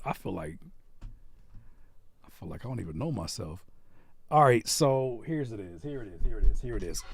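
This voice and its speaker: A man's voice: medium pitch, normal speed, some chatter behind. A man hosting a live music stream, chatting casually and playfully teasing his viewers. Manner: animated and playful, reads chat aloud and teases viewers.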